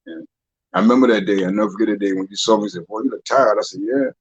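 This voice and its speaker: A man's voice: fairly low pitch, rapid-fire, slightly rough, no room sound, dull audio. A man who is a guest, a dancer and author, talking loosely in an interview, repeating words as he retells his stories. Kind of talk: casual interview talk.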